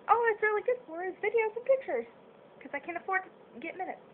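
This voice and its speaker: A woman's voice: extremely high pitch, animated, a little fast. A young woman chatting casually to her viewers, rambling and apologizing often, with lots of fillers. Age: young adult. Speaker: vlogger. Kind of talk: casual chat to camera. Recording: tinny phone-quality audio with faint hiss.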